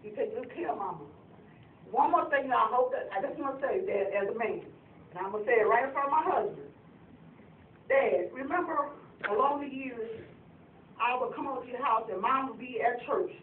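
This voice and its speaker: A woman's voice: fairly high pitch, normal speed, phone-quality sound, slight background noise. A middle-aged woman, telling heartfelt family stories as she addresses her parents at their anniversary. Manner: storytelling, emotional, addresses parents directly. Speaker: daughter giving an anniversary speech. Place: family gathering in a room. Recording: far-off echoey phone recording.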